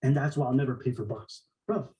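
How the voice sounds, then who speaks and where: A man on a podcast ranting in a mocking, profane way, with lots of quick restarts and acted-out quotes. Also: mid-range voice, dark tone, distant mic, poor audio. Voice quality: mocking, profane, fast-talking. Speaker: podcast co-host. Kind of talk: heated podcast rant.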